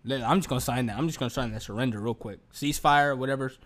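A man's voice: medium pitch, racing. A young man hosting a podcast, talking in a casual, joking monologue full of slang and swearing. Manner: animated, joking, slangy and profane. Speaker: podcast host.

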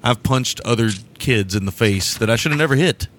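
A man discussing films in a casual podcast conversation, laid-back and quick to laugh. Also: mid-range voice, a bit bright.

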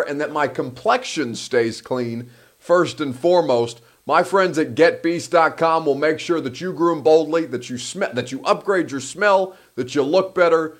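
Guy hosting sports talk, chatty, laughs a lot, slightly high voice. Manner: chatty, laughs at his own jokes, reads sponsor plugs. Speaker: sports talk show host. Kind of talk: casual sports talk commentary.

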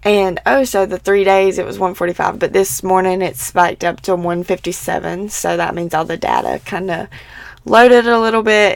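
Gravelly young woman chatting on a podcast. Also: lowish voice, fairly even intonation, normal speed, dry recording. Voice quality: raspy, smoker-like voice. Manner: rambling, filler-heavy, chatty. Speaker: podcast host. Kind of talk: casual solo podcast chat.

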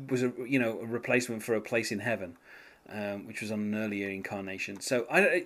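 A man's voice: medium pitch, fairly bright tone. A man hosting a casual music podcast, talking hesitantly with many restarts and light laughs. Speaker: podcast host.

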